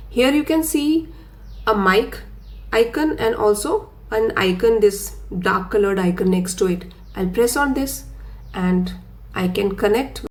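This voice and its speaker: A woman with an Indian accent teaching spoken English, explaining slowly and deliberately. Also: mid-range voice. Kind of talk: instructional talk to learners.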